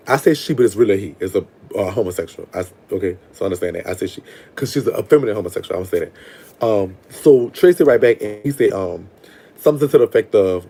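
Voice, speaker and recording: A man's voice: lowish voice, animated, a little fast, warm tone. Sassy New man telling a story. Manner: sassy, digressive, profane storytelling. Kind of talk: casual storytime monologue.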